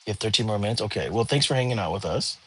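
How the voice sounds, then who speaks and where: Husky lowish guy, tired and laid back, just chatting to his live viewers from home. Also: very fast. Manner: relaxed, yawning, chatting with viewers. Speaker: livestream host. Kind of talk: casual livestream chat. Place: home, lying down.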